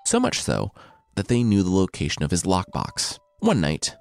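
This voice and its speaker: A man's voice: low-pitched, wildly swooping pitch, moderate pace, soft background music. A man telling a story as comedy, with irreverent, sarcastic asides.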